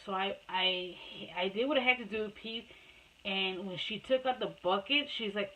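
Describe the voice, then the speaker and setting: This personal storytelling vlog comes through poor audio: a woman with a mid-range, bright, forceful voice speaks at normal speed. Her emotional, candid retelling rambles, moves between English and Spanish, and addresses viewers as "guys."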